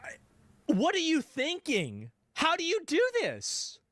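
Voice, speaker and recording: A male streamer chats with his viewers while reacting to clips, his voice sitting high and swinging up and down. He sounds exasperated and jokey. The sound is close and dry. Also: slow pace, no echo. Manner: animated, exasperated, jokey asides. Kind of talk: casual live-stream reaction.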